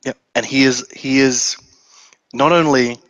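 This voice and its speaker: A man's voice: mid-range voice, fairly even intonation, a little slow, fairly bright tone, no echo, low-quality recording. A man co-hosting a casual podcast chat, laid-back, with frequent affirmations and laughs. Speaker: podcast co-host.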